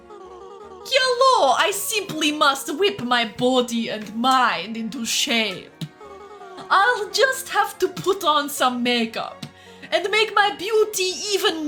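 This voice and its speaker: A woman plays a vain, theatrical female wind spirit in a video game, drawling her lines in a comically bad put-on Russian accent. The voice sits very high and bright and swoops around dramatically. Faint game music plays behind. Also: full character voice. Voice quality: deliberately terrible mock Russian accent. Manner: grand, dramatic, drawn-out delivery.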